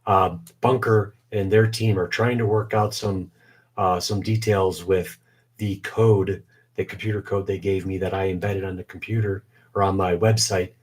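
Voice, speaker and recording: A man's voice: sits low, fairly even intonation, normal speed. A man in his forties hosting a casual live stream, rambling with many fillers, his voice weak and short of breath. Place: home basement shop.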